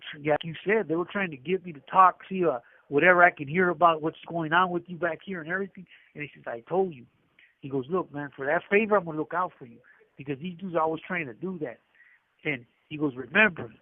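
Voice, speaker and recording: The voice belongs to a middle-aged man in prison, calling on the facility phone and acting out the lines of a meandering story, starting over again and again. He's on the high side, without echo, through a tinny, dry connection.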